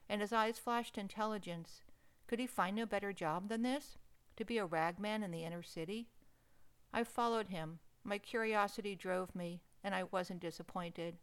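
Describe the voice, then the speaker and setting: A woman narrating a first-person story in an expressive, emotional reading. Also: mid-range voice, smooth.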